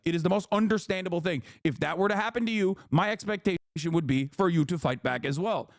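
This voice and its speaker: With a high-sitting voice and clean, echo-free studio sound, this man reacts live on his stream to political topics. He gets heated and swears freely, wandering from point to point.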